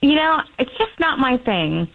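A woman's voice: sits high, very animated, measured pace, creaky. A woman on a phone call with a radio show, hesitant but blunt. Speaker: phone guest. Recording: noisy phone line.

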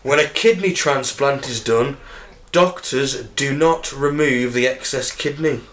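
Guy reading weird facts out to his mates, mid pitch, dry asides. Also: measured pace, a bit bright. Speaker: podcast co-host reading facts. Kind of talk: casual banter.

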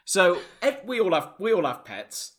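A man co-hosting a casual chat podcast, his voice bright and sharp. His pitch jumps all over as he tells stories. He laughs easily and slips into silly voices. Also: moderate pace. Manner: animated, laughs often, puts on silly voices for his dog. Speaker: podcast co-host.

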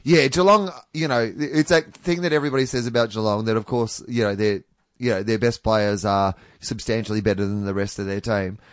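A man's voice: fairly low pitch, steady tone, a little fast, no echo, clean studio sound. An Australian man co-hosting a football podcast, riffing playfully on hypotheticals in casual chat. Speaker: podcast co-host.

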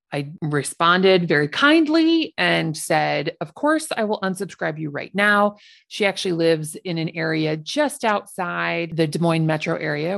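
A woman hosts her own podcast, telling stories in a chatty, animated way. Her voice sits a little low and has a gravelly, fry-laced edge. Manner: chatty, animated storytelling with laughs. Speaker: podcast host. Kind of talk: casual solo podcast.

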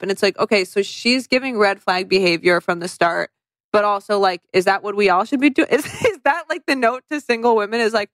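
A woman's voice: medium pitch, fast, no room sound. A woman co-hosting a podcast in casual chat about movies, rambling with lots of "like" and acting out quotes. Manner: rambling, many likes, acts out quotes. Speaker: podcast co-host.

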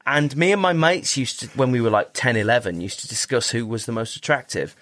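A man chatting as a podcast guest, his voice sitting at an ordinary middle pitch. He tells stories freely, stumbling over his words, restarting sentences and dropping casual swearing. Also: fairly quick, fairly bright tone. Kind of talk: casual interview chat.

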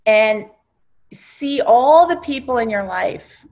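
A woman reverend, a guest on an interview show, telling a spiritual guided exercise with emphatic, animated storytelling. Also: fairly high pitch, slow.

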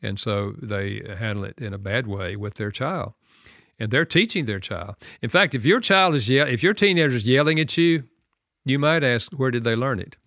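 An older man, a radio show guest, tells a personal story earnestly and reflectively, laughing softly now and then. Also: medium pitch, moderate pace, no echo, studio quality.

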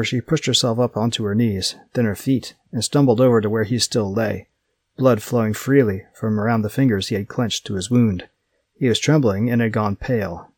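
A man reading a story aloud as an audiobook narrator, steady and measured. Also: on the low side, breathy edge, no room sound. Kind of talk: scripted narration.

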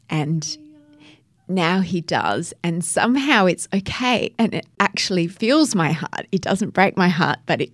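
A woman's voice: on the low side, sing-song, a little slow, no room sound. A middle-aged woman co-hosting a podcast, talking in an effusive, emotional, storytelling way. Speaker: podcast co-host. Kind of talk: casual chat.

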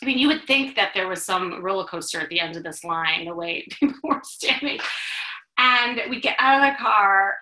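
A woman from Chicago, hosting a talk for women and telling her own story in an animated, confiding way with laughs and restarts. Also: medium pitch, normal speed, roomy sound, poor audio. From Chicago, USA. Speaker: host, dating coach. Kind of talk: personal storytelling to an audience of women.

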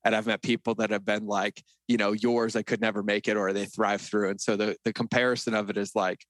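A man's voice: lowish voice, little pitch movement, brisk, no room sound. A middle-aged man as a podcast guest, telling personal stories in an earnest, reflective way. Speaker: interview guest. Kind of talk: conversational interview.

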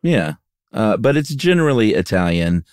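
A man co-hosting a podcast in casual chat, relaxed and quick to laugh. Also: on the low side, smooth, dry recording, studio quality. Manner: relaxed, laughs easily, sings goofy jingles. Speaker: podcast co-host.

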